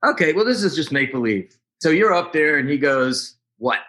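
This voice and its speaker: A man's voice: fairly high pitch, lively intonation, fairly quick, bright, forceful tone. A man hosting an interview, asking questions in a playful, teasing way. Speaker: host.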